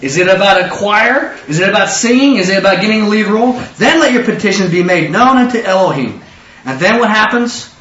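Bright-voiced, animated male preacher. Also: high-pitched, brisk. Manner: animated, call-and-response, acts out quotes. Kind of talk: sermon. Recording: echoey room, distant mic, dull sound.

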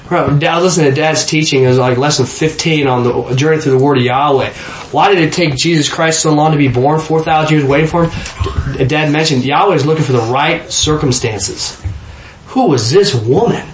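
A man's voice: on the high side, moderate pace, echoey room, a little hiss or hum. A man leading an informal Bible study, asking the group questions and often repeating words as he thinks.

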